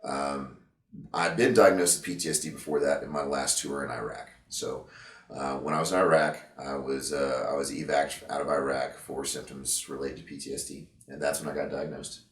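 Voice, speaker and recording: A man being interviewed about his past, talking in a halting, reflective way with many fillers and restarts, emotional at times. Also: a bass voice, fairly even intonation, echoey room, distant mic. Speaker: interview guest, veteran and gym owner. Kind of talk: candid interview conversation.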